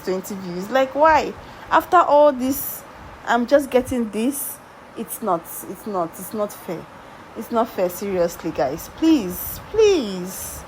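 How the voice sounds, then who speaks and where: Woman makeup artist, tutorial voice-over: coaxing, repetitive, lots of "do you get?" asides, mid-pitched, faint room hum. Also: darkish tone, poor audio. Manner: emphatic, repeats words and asks viewers rhetorical questions; talks directly to viewers, coaxing and reassuring.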